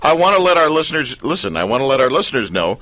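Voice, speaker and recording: A man's voice: mid-range voice, big pitch swings, quick pace, pushed and bright, dry recording. A male radio show host interviewing a guest in a joking, teasing way, laughing often.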